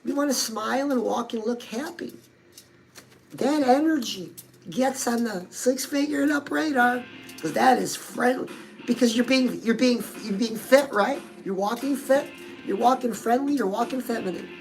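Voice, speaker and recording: A woman with a notably high voice talks in a chatty, sassy coaching tone on a comedic live show, calling her listener "girl" again and again. Clear music plays under her voice throughout. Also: moderate pace, poor audio. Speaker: self-help show host.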